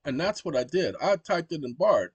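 A lively man talks through his screen share at his computer and speaks commands aloud to a voice assistant. His voice sits fairly high for a man, and the recording is close and dry with no room echo. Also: normal speed, slightly rough, dull audio. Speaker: channel host. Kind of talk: casual screen-share commentary.

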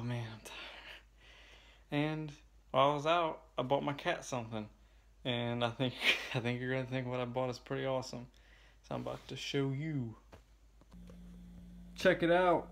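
A young man chatting casually into a handheld camera mic, excitable and prone to repeating himself and laughing. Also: medium pitch, normal speed, a little hiss or hum. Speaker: gaming vlogger.

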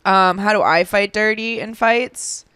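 Smooth-voiced woman, blunt and crude. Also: medium pitch, fairly even intonation, a little slow, a bit bright, dry recording. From Boston, USA. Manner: blunt, crude, laughs often. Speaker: podcast co-host, stand-up comedian. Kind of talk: casual chat.

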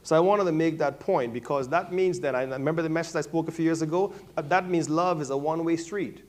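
A male pastor preaching a sermon, calling on members of his congregation by name, swinging from quiet remarks to loud, high-pitched exclamations. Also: fast. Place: church sanctuary.

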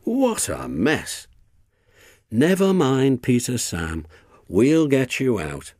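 A man playing a kind little male diesel engine in a storybook, slightly raised and slow-spoken. His voice is husky and dry, reassuring in tone. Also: medium pitch, huge pitch swings, darkish tone, no echo, pitched above the performer's own voice, exaggerated voice. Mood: concerned.

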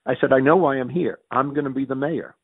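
Read this as a gravelly, husky American man telling stories. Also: mid-range voice, dry recording. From United States. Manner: rapid self-correcting anecdotes with quoted dialogue. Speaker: interview guest. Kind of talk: animated storytelling in conversation. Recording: dry sound over a phone-like line.

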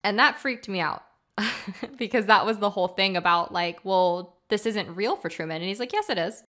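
In a medium-pitched voice at normal speed, a podcast co-host retells a movie scene by scene. Her delivery is casual and animated, with characters' lines performed aloud and many fillers.

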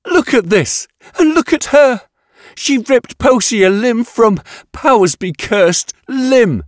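A man's voice: a little high, expressive, measured pace, no room sound, clean studio sound, voice pushed up. A male audiobook narrator voicing a volatile, scornful woman scientist who screams and snaps harshly. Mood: screaming. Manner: shrieking, harsh, exasperated.

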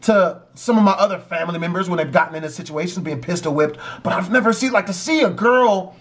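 A man's voice: high voice, fast. A man telling a dramatic true story in a profane, emphatic vlog style.

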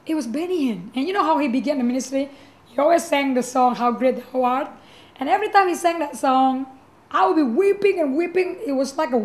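A middle-aged woman, a pastor whose first language is Indonesian, telling her personal testimony in English with emotion, repeating herself and filling with "you know" and "like.". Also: sits high. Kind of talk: personal testimony, earnest storytelling.

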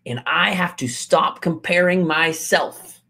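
A man's voice: a little high, slow, sharp tone. A man coaching his audience in a motivational talk. He is emphatic, repeats his key lines and acts out the doubts of the people he coaches.

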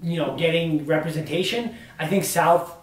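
Young male co-host, slightly high voice, earnest and filler-heavy, recorded from afar in an echoey room. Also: moderate pace. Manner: earnest, building arguments with many fillers. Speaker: discussion co-host. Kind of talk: casual discussion on camera. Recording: roomy sound from a distant mic.

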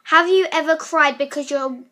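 High-voiced chatty girl vlogger. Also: normal speed, bright, forceful tone. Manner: chatty, rambling with many fillers. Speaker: vlog host. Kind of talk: casual Q&A vlog chat.

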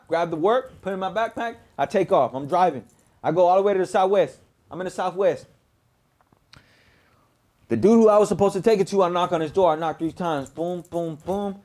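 A man's voice: high voice, darkish tone. Laid-back man telling a story. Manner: laid-back, profane, fills with "you know what I mean". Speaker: storyteller recounting his past. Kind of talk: casual spoken storytelling.

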